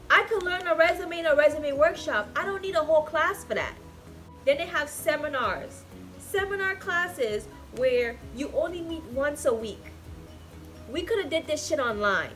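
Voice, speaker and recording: A woman in her twenties venting in a casual vlog, talking emotionally and swinging between loud and soft. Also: high voice, animated, unhurried, soft background music. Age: 20s. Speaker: vlogger.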